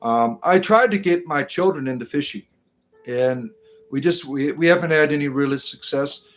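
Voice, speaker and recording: Rambling, halting livestream host, man. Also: fairly high pitch, low-quality recording. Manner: rambling, halting with many fillers and restarts. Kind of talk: casual livestream chat.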